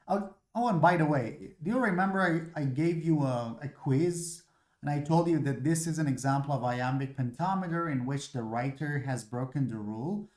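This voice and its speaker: A man's voice: fairly high pitch, mellow. A man with a Persian accent giving a recorded literature lecture, explaining patiently and often repeating himself with "you know.". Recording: echoey room.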